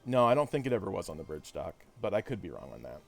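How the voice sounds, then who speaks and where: A man's voice: deep voice, big pitch swings, fast, creaky. A man streaming a video game, chatting casually with viewers and poking fun at himself. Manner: chatty, self-deprecating, talks to chat. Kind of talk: casual live-stream chat while gaming.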